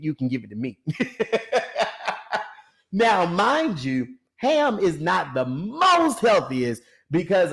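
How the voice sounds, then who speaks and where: Animated man preaching on health. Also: medium pitch. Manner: animated, calls out to listeners, laughs often. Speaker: ministry founder and personal trainer. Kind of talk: lively preaching-style talk to an online audience.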